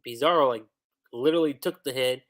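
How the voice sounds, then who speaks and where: A man's voice: medium pitch, brisk. A man casually talking through comic events on a livestream, chatty, with lots of "like". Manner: chatty, with filler "like" and laughs. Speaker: livestream host. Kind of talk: casual fan commentary on a comic.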